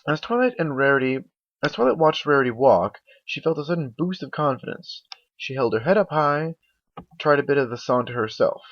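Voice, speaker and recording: A young man reads a fan story aloud with a lively, rising and falling voice. He trips over words and corrects himself as he goes. The cheap mic sounds dull and dry in a small room. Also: medium pitch, brisk, no room sound. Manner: lively, with slips and asides. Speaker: fanfic reader. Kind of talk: amateur story reading.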